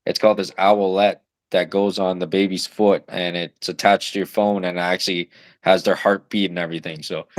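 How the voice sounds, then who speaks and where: A man's voice: deep voice, level tone, moderate pace, dry recording. A young man in his twenties, a new father of twins, chatting loosely on a podcast with lots of fillers and the odd curse. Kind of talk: casual chat.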